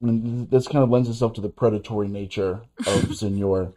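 A man co-hosting a casual film review chat, talking in halting bursts with many restarts. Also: fairly low pitch, steady tone, mellow. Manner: halting, many restarts and fillers, laughs as he talks. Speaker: podcast co-host.

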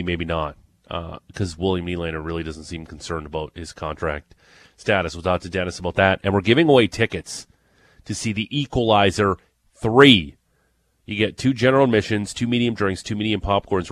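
A man's voice: on the low side, fairly bright tone, no echo. A man hosting a sports radio show, chatting casually and reading promos and previews. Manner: upbeat, reads promos and previews.

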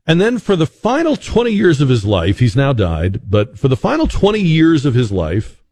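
A man's voice: medium pitch, huge pitch swings, normal speed, dark tone, no echo, studio quality. A man hosting a call-in radio talk show, musing conversationally with frequent restarts and fillers.

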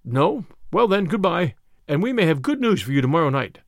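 A man playing a loud, pushy lawyer. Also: fairly high pitch, very animated, fairly quick, dry recording, clean studio sound. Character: brash, pushy male lawyer, loud and hurried.

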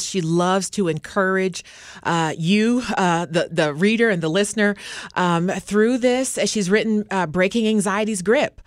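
A woman's voice: on the low side, dry recording, clean studio sound. A woman co-hosting a morning radio show, introducing and questioning a guest in an encouraging way. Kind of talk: radio interview.

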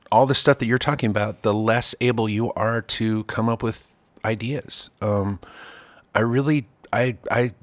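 A man talking casually as a songwriter, rambling and self-deprecating, often starting his sentences over. His voice sits mid-pitched. The sound is dry and close. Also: a bit bright, dry recording. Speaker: podcast host and songwriter. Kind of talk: casual chat.

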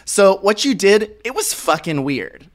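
A woman's voice: medium pitch, sing-song, unhurried, pitched above the performer's own voice. A man quoting a blunt, harsh female acting teacher who cuts students down. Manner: cutting, dismissive.

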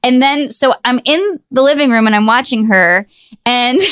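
A woman's voice: on the high side, moderate pace, a bit bright, dry recording. A woman in her forties telling a story in casual chat, chatty, laughing often and saying "like" a lot.

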